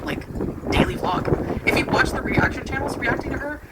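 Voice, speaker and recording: A woman's voice: high voice, expressive, normal speed. Rambling giggly woman on a noisy stream. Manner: chatty, giggly, trails off mid-sentence. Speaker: livestream host. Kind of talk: casual rambling chat.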